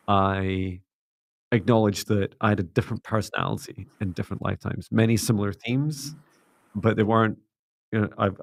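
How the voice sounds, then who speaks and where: A middle-aged man hosting a spiritual livestream, talking in a soft, gently meditative way. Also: lowish voice, gravelly, no echo, studio quality. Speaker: psychic mentor and livestream host. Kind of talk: casual livestream chat and guided closing.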